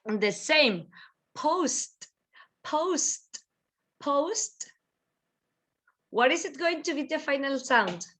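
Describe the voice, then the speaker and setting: A woman's voice: sits high, expressive, moderate pace, few pauses, fairly bright tone. A woman teaching English pronunciation in an online class, repeating each word several times for her students over a video call.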